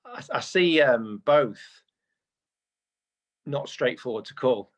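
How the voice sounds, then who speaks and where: A British man co-hosting a casual podcast chat, talking in quick bursts with stammering repeats. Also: medium pitch, animated. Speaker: podcast co-host.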